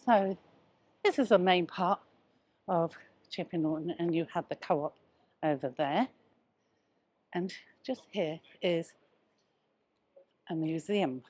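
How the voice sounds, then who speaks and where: A woman's voice: fairly low pitch, takes it slowly, pauses often, a little mellow, slightly rough, no echo. A woman presenting a walking-tour travel vlog outdoors on a town street, chatty and a little out of breath from walking, pointing things out as she goes. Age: older. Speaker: travel vlogger.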